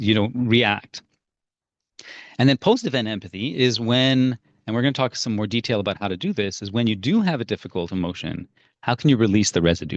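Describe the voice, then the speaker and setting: A man's voice: fairly low pitch, dry recording, lo-fi sound. A man teaching parents a strategy in an earnest, storytelling way. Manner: earnest, storytelling with acted-out quotes. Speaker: parenting coach.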